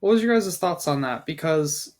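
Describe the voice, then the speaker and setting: A man co-hosting a podcast, giving measured, slightly hesitant sports opinions. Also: a little high, animated. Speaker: podcast co-host. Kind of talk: casual sports chat.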